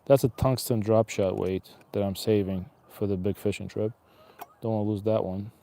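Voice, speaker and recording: A man's voice: fairly low pitch, steady tone, moderate pace, vocal fry, dark tone. A man chatting casually and wryly to himself and passersby while fishing outdoors by an icy river, streaming live. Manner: rambling, wry, talks to himself and passersby.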